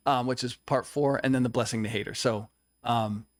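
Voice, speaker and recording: A man's voice: mid-range voice, steady tone, normal speed, no echo, studio quality. A young man telling a personal story in a conversation, earnest and confessional, acting out what others said. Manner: earnest, confessional, tells stories with quoted dialogue. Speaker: co-host.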